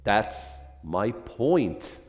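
Conversational male pastor, rhetorical and animated, church hall reverb. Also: on the low side, drawn-out words. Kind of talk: sermon.

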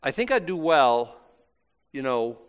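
A man's voice: mid-range voice, sing-song, measured pace, smooth. A male pastor giving an informal Bible talk, chatty and self-deprecating, with many restarts. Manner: conversational, rambling with many restarts; self-deprecating and lightly joking.

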